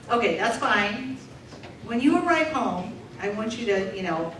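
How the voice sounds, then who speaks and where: A woman's voice: mid-range voice, a bit bright, a little hiss or hum. Woman interpreter voicing a comedian, echoey room. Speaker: sign language interpreter voicing a deaf comedian. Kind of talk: live voice interpretation of stand-up comedy. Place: large room with a live audience. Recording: echoey distant room recording.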